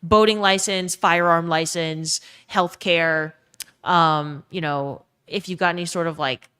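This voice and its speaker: A woman's voice: fairly low pitch, steady tone, a little slow, bright, forceful tone, smooth. A young woman with a Southern US accent chatting casually on a live stream, swearing freely and reading out chat messages. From Louisiana.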